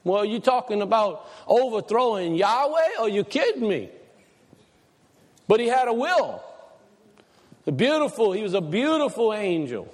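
A man's voice: sits high, sing-song, unhurried, long pauses. A man preaching a sermon to a congregation, asking them questions, with folksy Southern turns of phrase. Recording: long hall reverb.

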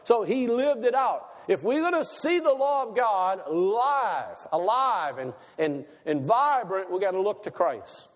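Man preaching, high voice, long hall echo, asks the congregation questions, slows for emphasis. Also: big pitch swings. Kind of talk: sermon.

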